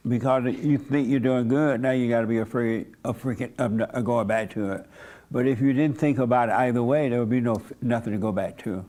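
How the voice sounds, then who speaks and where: A man's voice: mid-range voice, fairly even intonation, a little fast, a little mellow. A man leading an informal church service, talking to his congregation in a blunt, folksy, conversational way and coaxing answers from them. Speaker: pastor.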